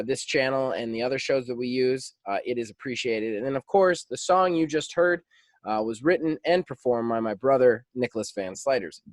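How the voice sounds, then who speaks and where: Animated man telling a story. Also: no echo. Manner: animated storyteller, lively pitch swings. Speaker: podcast host. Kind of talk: casual chat.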